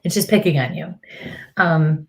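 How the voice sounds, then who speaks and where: A woman working as a medium on a live stream, speaking haltingly with pauses and soft trailing murmurs, feeling hot and clammy. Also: on the low side, low-quality recording. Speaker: medium, co-host. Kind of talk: live-stream psychic reading.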